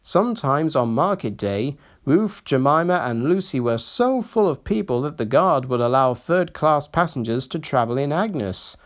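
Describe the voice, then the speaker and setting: A man voicing a kindly old little male steam engine in a storybook reading, telling gentle memories. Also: fairly high pitch, big pitch swings, normal speed, few pauses. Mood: fond.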